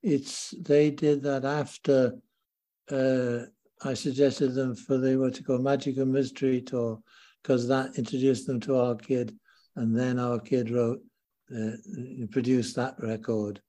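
A man breaks in to correct the story. His voice is flat and mellow. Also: mid-range voice, a little slow.

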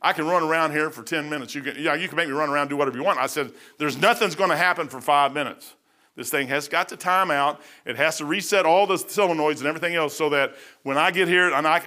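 A man's voice: fairly high pitch, pushed and bright. A middle-aged man preaching a sermon, folksy and blunt, telling stories between scripture. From United States. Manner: folksy, blunt, conversational, many fillers and asides.

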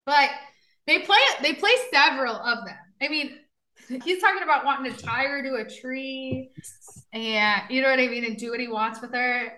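A woman's voice: high-pitched, bright, forceful tone. A woman co-hosting a podcast, casually recounting a true crime case with lots of fillers. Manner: chatty storyteller, frequent fillers and laughs.

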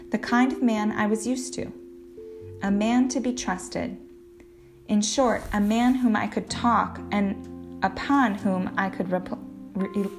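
A woman reading a novel aloud in a plain, measured way, with now and then a slip and a restart. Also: medium pitch, creaky. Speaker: audiobook reader. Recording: guitar music playing underneath.

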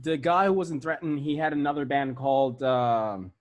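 A man's voice: mid-range voice, normal speed, dull audio. Chill guy from puerto rico guesting on a podcast, swears a lot. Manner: laid-back, swears freely. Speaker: podcast guest, metal musician. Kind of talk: casual podcast chat.

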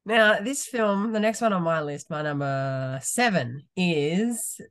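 A man co-hosting a casual movie podcast, animated and talkative, laughing often and restarting his sentences as he rambles through his picks. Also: high voice, slow pace, clear, resonant tone. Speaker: podcast co-host.

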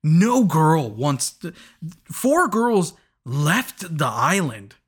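Young male podcast host, slightly high voice, chatty and rambling, often laughing. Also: sing-song, very slow, slightly rough. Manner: rambling, chuckling, lots of restarts and asides. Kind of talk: casual podcast recap.

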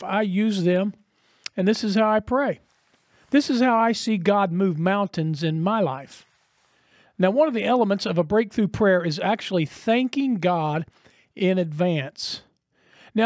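A man's voice: high-pitched, dry recording, clean studio sound. A man preaching a sermon as a pastor, earnest and conversational, posing rhetorical questions to his listeners.

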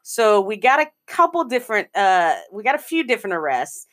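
A woman's voice: mid-range voice, big pitch swings, brisk, a bit bright. Chatty woman co-hosting a casual show. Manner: chatty, laughing, swears freely. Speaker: podcast co-host. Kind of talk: casual chat.

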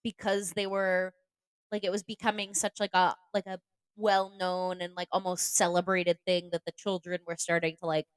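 A woman's voice: fairly low pitch, level tone, normal speed, smooth, dry recording. A young woman co-hosting a podcast, chatting in an upbeat way with lots of "like". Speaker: podcast co-host. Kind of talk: casual chat.

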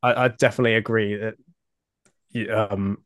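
A man's voice: fairly low pitch, little pitch movement, fairly quick, fairly bright tone, no echo, clean studio sound. A man guesting on a podcast, talking casually and repeating words as he gathers his thoughts. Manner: hesitant, repeats words as he thinks. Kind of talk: casual chat.

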